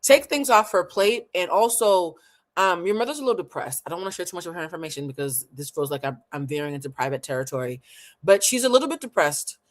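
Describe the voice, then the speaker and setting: A woman giving a live-stream tarot reading, animated, blunt and playful, talking to viewers in casual slang and laughing often. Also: fairly low pitch, fast talker. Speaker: tarot reader.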